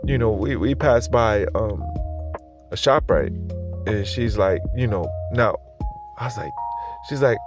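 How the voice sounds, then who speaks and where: A man's voice: mid-range voice, very animated, measured pace, soft background music. A man hosting a podcast, talking in a loose, rambling way, swearing freely and laughing often. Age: adult with a school-age kid. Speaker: podcast host. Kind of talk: casual profane monologue.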